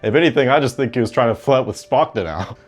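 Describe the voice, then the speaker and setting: A man's voice: medium pitch, animated, fast. A man giving mocking, incredulous drama commentary. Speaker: commentary YouTuber.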